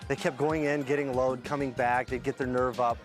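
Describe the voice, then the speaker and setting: A man, a police officer, recalling a break-in case in an interview, pausing often as he talks. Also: medium pitch, flat delivery, soft background music. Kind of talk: interview recollection.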